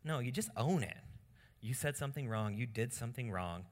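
A man preaching a sermon on marriage in an animated way, acting out quoted lines in different voices. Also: medium pitch, a little fast. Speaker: pastor.

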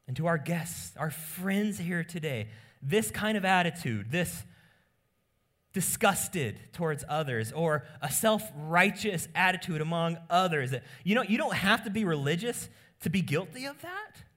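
A male pastor preaching a sermon in an emphatic style, asking rhetorical questions and swinging from soft asides to loud emphasis. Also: high voice, big pitch swings, measured pace.

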